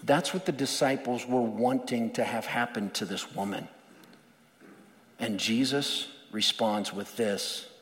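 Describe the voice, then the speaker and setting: A man's voice: mid-range voice, measured pace, a bit bright, in a large hall. A male pastor preaching a sermon in an earnest, emphatic way, often repeating words.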